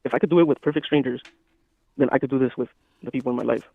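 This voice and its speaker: A man co-hosting a casual podcast chat, talking in a calm, even, matter-of-fact way. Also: medium pitch, very fast, vocal fry, dry recording. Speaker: podcast co-host. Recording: dry, phone-like thin sound.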